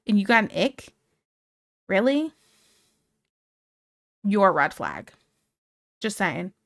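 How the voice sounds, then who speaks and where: A woman from Ohio streams while she draws, chatting casually and rambling as she answers her live chat and gets sidetracked. Her voice is medium-pitched, sing-song, slow, and gravelly, in clean studio sound with no echo.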